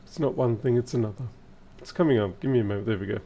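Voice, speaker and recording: A man thinking aloud in casual live-stream commentary as he repairs electronics, his voice a little hoarse and wavering. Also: mid-range voice, quick pace, dark tone. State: slightly hoarse. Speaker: repair technician livestreaming.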